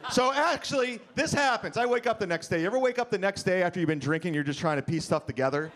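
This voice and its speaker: A man telling a stand-up story on a comedy club stage in a deadpan storytelling way, acting out quotes. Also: high-pitched, fast. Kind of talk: stand-up set. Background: audience laughter.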